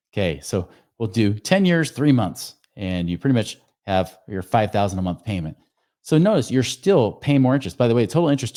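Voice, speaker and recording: A man who hosts a finance podcast and works as a financial advisor explains loan numbers emphatically. His voice is medium-pitched and mellow.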